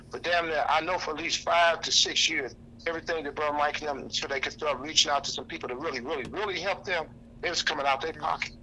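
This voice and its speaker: A man's voice: on the high side, pushed and bright, slight background noise, rough recording. A man with a St. Louis accent talking on the radio in an impassioned, preacherly way, repeating himself for emphasis. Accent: St. Louis, Missouri. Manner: preacherly, repetitive, acts out quoted voices. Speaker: activist guest.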